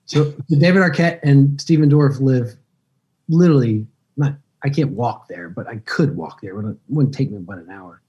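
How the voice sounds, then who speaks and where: A man in his fifties, an actor guest on a podcast, telling relaxed, rambling stories and laughing easily. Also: mid-range voice, normal speed, breathy edge, highs cut off. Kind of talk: casual podcast interview.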